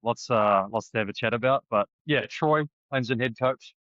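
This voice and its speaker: Man, 40s, New Zealand accent, podcast guest, relaxed rambling chat, many restarts, dull lo-fi dry recording. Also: mid-range voice, moderate pace, dry recording. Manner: easygoing and chatty, with many restarts. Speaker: guest rugby coach. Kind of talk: casual interview chat.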